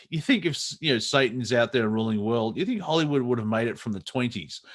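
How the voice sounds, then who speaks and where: A man's voice: medium pitch, lively intonation, a little fast. A middle-aged Australian man co-hosting a casual comedy chat, rambling with many fillers and restarts. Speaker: comedy show co-host.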